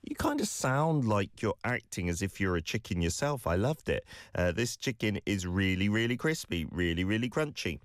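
Male language-podcast host, very deep, dry sound, warm encouragement and patient corrections. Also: expressive, moderate pace, hardly any pauses, no room sound. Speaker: language teacher hosting listener clips. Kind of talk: podcast lesson feedback.

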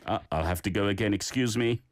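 A man's voice: lowish voice, fast talker, no room sound. A man teaching a daily Korean phrase and giving encouraging feedback on listeners' recordings. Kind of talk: casual language lesson.

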